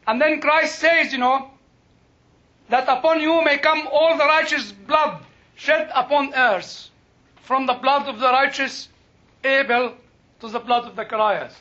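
A male Bible lecturer gives an informal Bible talk in a very high, bright voice. He speaks slowly, searching for English words, and the lo-fi recording sounds dull.

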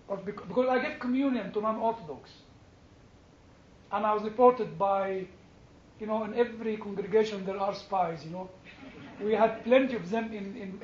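A man, an Orthodox clergyman, teaching a church class, telling stories and asking the room questions as he builds to forceful points. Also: high-pitched, echoey room, highs cut off, slight background noise.

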